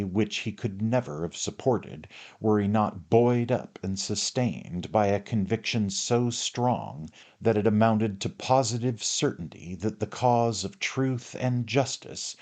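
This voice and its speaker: A man narrating a classic novel in a measured, formal reading. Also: on the low side, darkish tone. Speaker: audiobook narrator.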